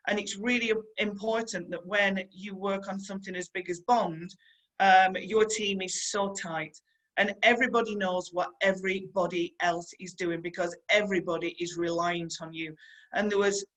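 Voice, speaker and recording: Here a stunt performer, a middle-aged woman from Yorkshire, gives a storytelling motivational talk in a medium-pitched, fairly bright voice with fairly even intonation and a moderate pace. The recording is low quality. Earnest and chatty, she repeats her advice and speaks right to her listeners.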